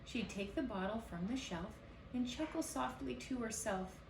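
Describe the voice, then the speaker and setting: A woman baker reading picture books aloud at a children's story hour, expressive and lively. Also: fairly high pitch, moderate pace, vocal fry, slight background noise. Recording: roomy echo, distant mic, faint ambience.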